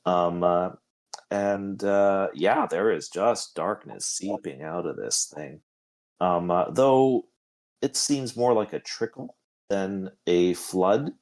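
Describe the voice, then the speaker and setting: A man narrating as game master with halting speech and many fillers. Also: low-pitched, a little mellow.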